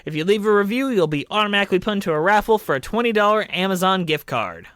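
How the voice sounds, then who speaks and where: A man's voice: sits high, expressive, fast, a bit bright, no echo. A man co-hosting a podcast in casual chat, laughing often as he talks. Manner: giggly, laughs often while talking. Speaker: podcast co-host.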